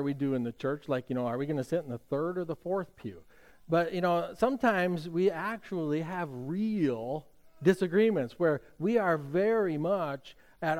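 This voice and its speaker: Pastor preaching in a chatty, storytelling way. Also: male voice, a little high, darkish tone. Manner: conversational storytelling with frequent fillers and restarts. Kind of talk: sermon.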